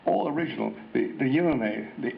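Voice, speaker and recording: Older American man, gravelly anecdotal talk. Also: medium pitch, expressive, a little fast. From United States. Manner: rambling storyteller with frequent restarts and hesitations. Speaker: guest author giving a talk. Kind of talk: anecdotal convention speech. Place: convention hall. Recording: lo-fi hall recording with faint noise.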